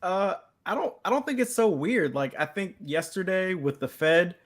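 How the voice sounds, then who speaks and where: A man's voice: high voice, expressive, moderate pace. A man who is a guest on a live chat, giving his market opinions in an upbeat, talkative way. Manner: upbeat, talkative, says "like" often.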